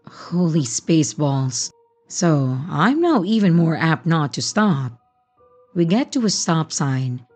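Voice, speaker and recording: Woman horror narrator, unhurried, animated, faint music bed. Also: deep voice. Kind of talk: storytelling narration. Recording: soft music bed underneath.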